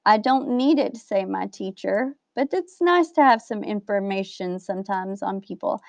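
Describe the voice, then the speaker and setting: A woman's voice: medium pitch, expressive, moderate pace, a little mellow, no room sound. A woman teacher giving a recorded grammar lesson, patiently explaining step by step and checking in with "right?". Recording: dull lo-fi dry recording.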